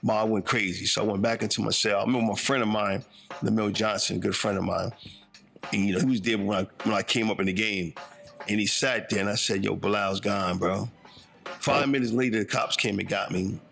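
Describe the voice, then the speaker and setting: Over soft background music, a man in his fifties from northern New Jersey talks fast about his own life, his low-ish voice gravelly, a bit bright, and steady. The storytelling is reflective and conversational, laced with street slang, and he often asks "you know what I'm saying."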